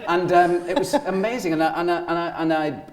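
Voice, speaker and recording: A man's voice: sits high, quick pace, reverberant, a crowd in the background, background noise. A Scottish man in his forties, a guest actor telling rambling anecdotes on stage in an interview before a live audience. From Scotland. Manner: animated rambling anecdotes with laughter.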